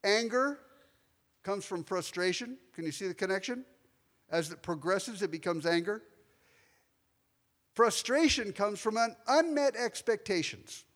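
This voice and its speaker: During a sermon, a pastor tells a confessional personal story and speaks straight to people in the congregation in between. His voice is high and a bit bright with lively intonation, a little slow and full of pauses, while the church sanctuary adds long hall reverb.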